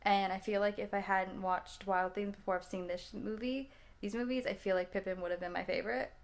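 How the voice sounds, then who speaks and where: A woman's voice: medium pitch, fairly even intonation, fairly quick. A woman in her twenties chatting casually about movies she just watched, rambling, laughing often and restarting her sentences. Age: 20s. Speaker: vlogger reacting to films.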